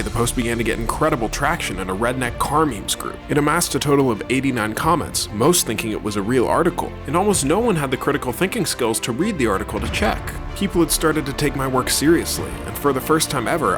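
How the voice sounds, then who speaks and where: A young man narrating a comedy video in a dry, sarcastic, deadpan way. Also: mid-range voice, fast, few pauses, music in the background.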